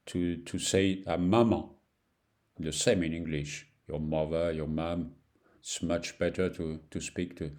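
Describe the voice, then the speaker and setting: A man with a French accent, a native speaker, leads a beginners' lesson at an unhurried pace. His voice sits low and mellow, and he repeats each phrase patiently in simple, slightly broken English. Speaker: French teacher. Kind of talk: slow beginner language lesson.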